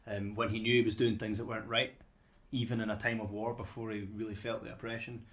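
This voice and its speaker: A man's voice: on the low side, flat delivery, quick pace, fairly bright tone. Man chatting on a podcast. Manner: conversational, repeats words when starting sentences. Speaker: podcast co-host. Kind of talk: casual chat.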